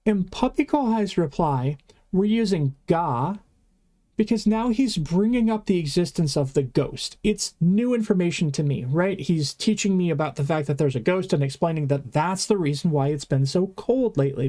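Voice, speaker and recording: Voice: medium pitch, lively intonation, normal speed, mellow. A language teacher giving an online grammar lesson in a casual, chatty way, sometimes stumbling and correcting themselves.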